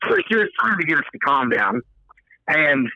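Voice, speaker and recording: Male podcast guest, forceful tone, dry lo-fi sound; profane storyteller who acts out the quotes. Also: on the high side, sing-song, normal speed, no room sound. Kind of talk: casual storytelling. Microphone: podcast microphone.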